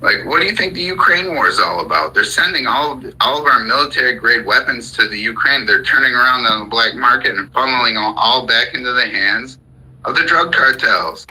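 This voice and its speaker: A man's voice: mid-range voice, lively intonation, fairly quick, bright, forceful tone, husky, low-quality recording. A man hosting a live audio chat room, ranting heatedly about politics with plenty of profanity. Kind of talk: angry political rant.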